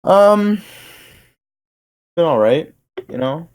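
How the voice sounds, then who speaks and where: A man on a podcast talking casually in a halting way, with many ums. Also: fairly high pitch, expressive, darkish tone, smooth. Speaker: podcast co-host. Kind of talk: casual chat.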